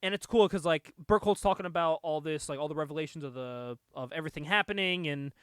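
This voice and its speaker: A young man hosting a podcast, casually recapping a comic book, animated and laughing often. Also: on the high side, fast talker, clean tone, dry recording, clean studio sound. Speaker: podcast host.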